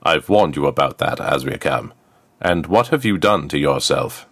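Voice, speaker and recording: A man voicing a stern, commanding king and father in a story reading, firm and measured. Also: a bass voice, expressive, a bit bright, husky, no echo, full character voice. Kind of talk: audiobook character voice.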